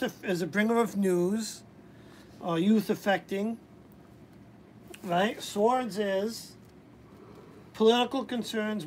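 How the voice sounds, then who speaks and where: Chatty lady doing a live tarot reading, lots of ums and restarts, slight noise behind. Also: medium pitch. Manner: chatty, hesitant with many restarts. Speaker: tarot reader. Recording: faint background noise.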